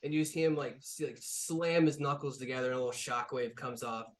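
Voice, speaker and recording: A man running a tabletop game as its game master. He narrates loosely, with lots of "like" and "um" between descriptions. His voice sits at an everyday middle pitch. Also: fairly quick, a little hiss or hum. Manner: casual, full of fillers and restarts.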